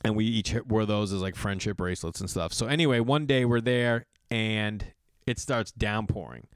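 A middle-aged man from the US Northeast hosting a podcast. He tells a long personal story in a rambling, animated way, with lots of restarts and quick jumps into other people's voices. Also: fairly low pitch, smooth, dry recording, studio quality. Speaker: podcast host. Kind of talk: storytelling monologue.

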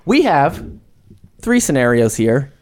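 A man's voice: mid-range voice, sing-song, slow, slight background noise. Joking young man hosting a podcast. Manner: joking, leads segments, jumps in with mock voices. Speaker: podcast host. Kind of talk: casual chat.

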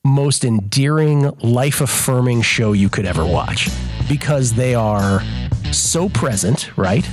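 A man hosting a sports betting talk show, chatting in an animated, exasperated way and often restarting his sentences. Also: mid-range voice, slow, music in the background. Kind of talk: casual podcast chat.

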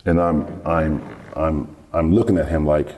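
Middle-aged man, very low and mellow voice, relaxed anecdotal interview guest. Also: a little slow, slight background noise. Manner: relaxed, rambling storyteller who acts out quoted dialogue. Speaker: guest, former basketball player. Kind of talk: storytelling in an interview.

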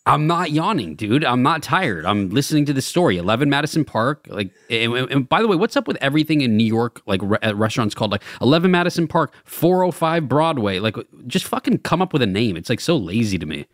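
Mid-pitched man, rambling co-host. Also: big pitch swings, fast, few pauses, no room sound, studio quality. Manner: rambling, questioning, defensive. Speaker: podcast co-host. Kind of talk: casual podcast banter.

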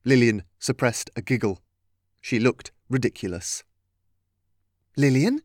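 A man reading a storybook aloud as narrator, in a steady, even manner. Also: medium pitch, a little slow, no echo, clean studio sound.

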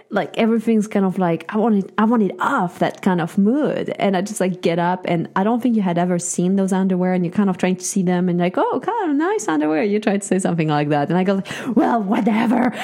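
A woman co-hosts a relationship podcast and tells a personal story in a relaxed, chatty way. Her voice is mellow and warm rather than bright. When she quotes what was said, she lifts her voice to act the lines out. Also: fairly low pitch. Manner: acts out quoted lines in a raised voice. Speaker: podcast co-host. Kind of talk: casual storytelling chat.

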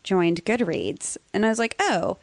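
Animated woman telling a story. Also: mid-range voice, measured pace, vocal fry, no echo. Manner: animated storyteller, acts out quoted voices, rises to near-shouting. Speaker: guest author. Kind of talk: casual storytelling conversation.

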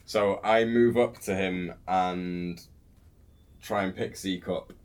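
A man playing in a casual tabletop game, relaxed and matter-of-fact. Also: low voice, takes it slowly, slight background noise. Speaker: player.

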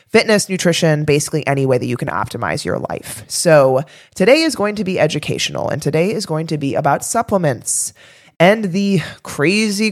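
A woman co-hosts a podcast in loose, conversational chat. Her voice sits low but swings widely as she tells a story, full of animated, chatty energy. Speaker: podcast co-host.

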